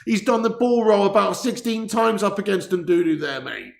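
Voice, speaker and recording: Sitting high and creaky, a man's voice moves at normal speed as he hosts a live football watch-along. He's casual, laughs a lot, and reads messages from viewers aloud. His laptop mic is placed far away with the gain up, capturing an echoey indoor room.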